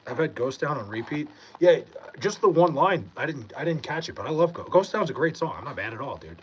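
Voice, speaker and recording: A young man from Long Island, high and laid-back, reading comments aloud in a casual livestream and swearing freely. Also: lively intonation, fairly quick, a little hiss or hum, low-quality recording. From Long Island, New York.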